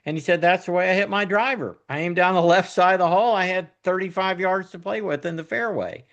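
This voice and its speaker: Male host, higher voice, chatty interviewer, slightly muffled recording. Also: fairly quick, a bit bright. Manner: leads with long setups, then asks questions. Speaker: podcast host. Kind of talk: casual interview conversation.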